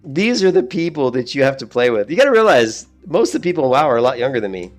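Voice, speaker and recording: A middle-aged man talks loosely over his gameplay stream at an ordinary mid pitch. He rambles from point to point, swears freely and chuckles at his own complaints, with faint music under him. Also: very animated, racing. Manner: rambling, profane, laughs at his own stories. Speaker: gaming streamer. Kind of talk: casual chat while streaming gameplay.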